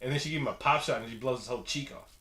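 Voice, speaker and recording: A man on a casual podcast, recapping a horror movie in an animated way and acting out the characters' lines. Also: mid-range voice, racing, roomy sound. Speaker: podcast co-host. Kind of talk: casual movie review chat.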